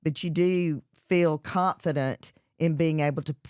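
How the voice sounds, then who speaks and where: A woman's voice: sits low, steady tone, measured pace, a little mellow, clear, resonant tone, no echo, studio quality. A middle-aged woman with a Southern US accent, a chef and entrepreneur talking as an interview guest, chatty with many fillers and restarts. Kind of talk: casual interview talk.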